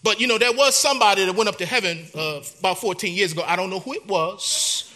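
A male pastor preaching a sermon, dramatic, dropping to a hush and then rising loud, in a church. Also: high voice, fast talker.

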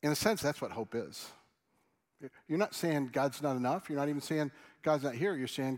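A man preaching a sermon and leading a prayer as pastor, earnest and pleading, his voice dropping soft and low as he prays. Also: moderate pace. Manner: animated, rising questions to the congregation.

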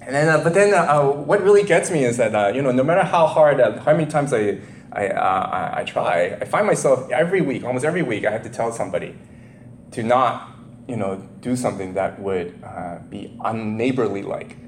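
A man preaching an informal sermon as a pastor, talking haltingly with many fillers and restarts and laughing at himself. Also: mid-range voice, animated, slight background noise. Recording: echoey room sound.

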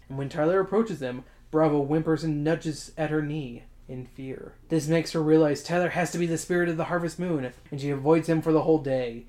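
Animated book club podcast host. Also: medium pitch. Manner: animated storytelling, swears casually. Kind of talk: casual book club chat and reading aloud.

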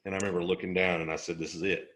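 Guest, middle-aged man, low and forceful voice, casual jokey storyteller. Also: very fast, roomy sound, a little hiss or hum. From Alabama. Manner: animated, jokey storyteller who laughs often. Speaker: interview guest.

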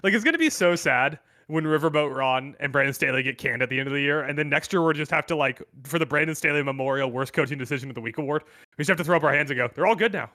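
Man, podcast co-host, high and bright voice, lively joking banter. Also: rapid-fire, few pauses, no echo, studio quality. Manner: animated, joking, teasing. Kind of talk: casual sports chat.

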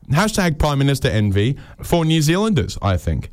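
A man's voice: fairly high pitch, big pitch swings, fairly quick, few pauses, dry recording. A young man hosting a comedy podcast, telling rambling, sarcastic stories and swearing freely.

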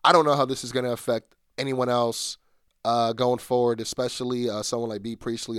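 A man's voice: mid-range voice, flat delivery, fairly quick, a bit bright, smooth, no room sound, studio quality. A man hosting a solo podcast, chatting casually with lots of fillers and restarts. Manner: rambling, many fillers and restarts. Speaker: podcast host.

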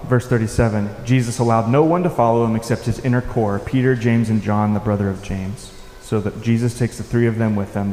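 A man preaching a sermon as a pastor, unhurried and reflective, sometimes dropping to a soft, gentle voice. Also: fairly low pitch, a little hiss or hum. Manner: unhurried, reflective, with soft-spoken quoted lines. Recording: echoey hall with faint ambience.

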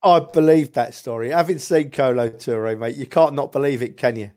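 A man's voice: medium pitch, normal speed, a little mellow. A man in casual chat, reminiscing about favourite players, rambling with chuckles and restarts. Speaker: podcast guest, football fan.

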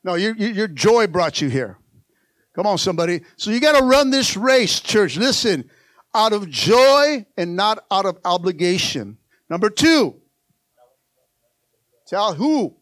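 A man's voice: sits high, big pitch swings, measured pace, long pauses, fairly bright tone, no room sound. An older man preaching a sermon to his church, calling out to the congregation and repeating phrases. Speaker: pastor.

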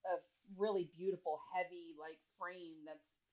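A woman's voice: fairly low pitch, fairly even intonation, measured pace, rough recording. A young woman co-hosting a casual chat, telling stories in a loose, chatty way, swearing freely and laughing as she talks. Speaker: podcast co-host.

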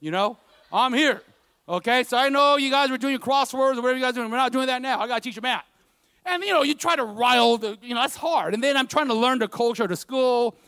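High, bright-voiced man preaching. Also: fast talker, no room sound. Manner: conversational, peppered with "you know"; builds to emphatic preaching. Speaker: pastor. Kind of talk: sermon with personal stories.

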